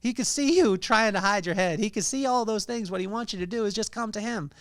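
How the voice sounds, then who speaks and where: A man's voice: sits high, brisk, no room sound, studio quality. A man hosting a podcast, giving an earnest devotional talk on scripture with frequent fillers and restarts. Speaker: podcast host.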